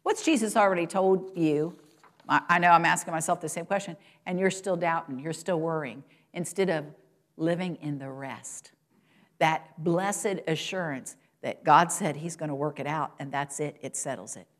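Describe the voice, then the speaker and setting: A woman with a slightly low voice preaches a sermon to her congregation. She asks them rhetorical questions and moves between raised, high-pitched emphasis and quiet, low remarks. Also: moderate pace. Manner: rises in pitch and volume for quoted lines and exclamations, drops low and soft at points.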